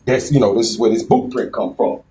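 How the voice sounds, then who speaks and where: A man's voice: mid-range voice, a little fast, warm tone, reverberant, recorded from a distance, rough recording. A man telling a story in a laid-back, profane, rambling way outdoors. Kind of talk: casual storytime vlog. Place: outdoors in a garden.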